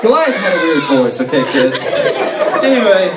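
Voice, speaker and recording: A man tells a story to children in a high, lively voice, playful and chatting to the kids. He is far from the mic in an echoey hall, with a loud crowd of children and heavy noise behind him. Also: normal speed. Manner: playful, with joking asides to the kids. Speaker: co-narrator. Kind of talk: animated Bible story narration for children.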